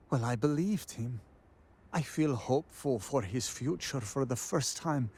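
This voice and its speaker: A man's voice: medium pitch, a little mellow, a little hiss or hum. An actor playing a proud male game character who speaks formally and sounds ashamed of a challenge he made. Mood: hopeful. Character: proud, ashamed male duelist seeking reconciliation. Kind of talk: video game voice acting.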